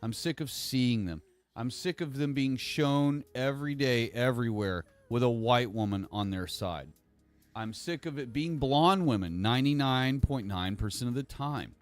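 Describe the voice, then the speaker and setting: Male streamer, mid-pitched, meandering delivery, dry close sound, faint music underneath. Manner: rambling, halting, repeats himself. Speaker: livestream host. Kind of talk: casual livestream monologue.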